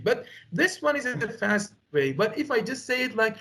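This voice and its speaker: A young man with an American accent and a very high voice talks earnestly about his speaking exam. He often fills his pauses with "like" and "you know." He is recorded indoors at a language school. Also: sing-song, gravelly, bright, forceful tone. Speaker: test candidate. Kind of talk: conversational exam debrief. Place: indoor room at a language academy.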